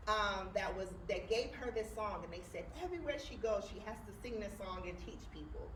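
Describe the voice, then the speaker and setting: A woman giving a community talk, speaking with lots of fillers and pauses. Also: mid-range voice. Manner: warm, halting with many fillers. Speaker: guest speaker. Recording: echoey room from a distance with background noise.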